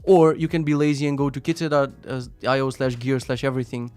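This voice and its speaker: A man hosting a live stream, reading out viewer links and reacting in a casual, profane, sarcastic way, jumping between loud rants and muttered asides. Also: medium pitch, steady tone, fairly quick, clean tone, soft background music.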